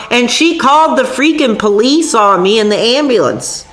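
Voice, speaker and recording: A woman's voice: fairly high pitch, animated, moderate pace, fairly bright tone. A woman streamer, sick with a sore voice, ranting angrily and profanely to her chat. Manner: angry, profane, rambling. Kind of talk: livestream rant to chat. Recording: echoey room with faint music.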